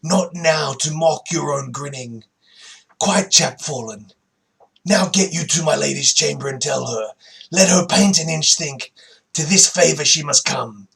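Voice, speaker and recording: A man voicing a theatrical adventurer who grandly recites old tragic verse, loud and declaiming, slightly higher than his own voice. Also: unhurried, vocal fry, distant mic. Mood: grandly mournful.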